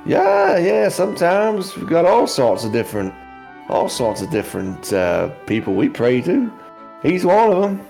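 Great Mama, a man putting on a gravelly swamp matron. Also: on the high side, wildly swooping pitch, a little slow, darkish tone, faint music behind, full character voice. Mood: folksy. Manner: drawling, homespun, pious. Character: folksy older swamp woman, Great Mama.

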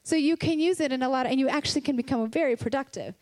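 A woman's voice: sits high, fast talker, a little mellow. A woman giving a candid, conversational Christian sermon, earnest and personal, with laughs between her points. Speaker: Christian speaker.

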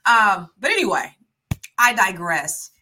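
A woman hosting a podcast in casual chat, a naturally fast talker who is trying to slow down, with chatty asides and frequent ums. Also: medium pitch, big pitch swings, bright, forceful tone, slight background noise. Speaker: podcast host.

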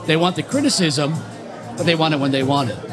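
A middle-aged man and barbering educator telling stories in a straightforward, animated way on a panel. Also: fairly high pitch, quick pace. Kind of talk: panel discussion. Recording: music and crowd behind.

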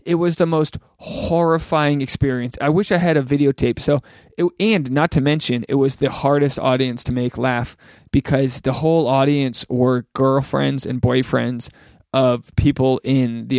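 Podcast host, male, gravelly, dry close mic, rambling self-mocking humor. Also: medium pitch, a little mellow, no echo. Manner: rambling, self-deprecating jokes. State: out of breath. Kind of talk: casual chat. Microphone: home podcast mic.

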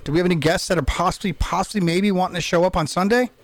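A man's voice: sits high, rapid-fire, dry recording. A man hosting a casual podcast, easygoing and chatty, sincere when he wraps up. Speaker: podcast host. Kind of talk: casual chat.

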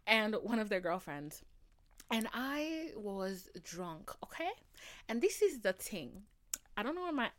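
A young woman in her twenties, a podcast host telling casual stories with lots of swearing and laughter. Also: mid-range voice. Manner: animated, swearing, laughing often. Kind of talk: casual storytelling.

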